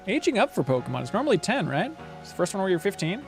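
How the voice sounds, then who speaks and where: A man's voice: high-pitched, very animated, rapid-fire, faint music behind. A man casually commentating a game livestream with joking, rambling asides. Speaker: game streamer.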